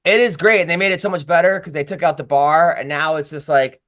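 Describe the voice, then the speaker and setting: A man's voice: a little high, steady tone, fast, a bit bright. A man hosting a casual podcast, talking in a rambling way with lots of restarts. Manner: rambling, with many restarts and fillers. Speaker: podcast host and comedian.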